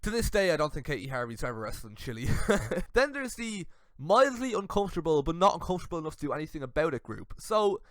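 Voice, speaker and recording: A young man giving comedic commentary on messages, animated and laughing often. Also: fairly high pitch, fast, no echo. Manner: animated, laughing, switches into silly voices for messages. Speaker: YouTube commentator.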